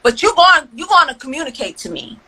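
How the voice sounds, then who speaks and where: A woman guest in a casual chat, telling stories in a playful and expressive way. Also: high voice, fairly quick, poor audio.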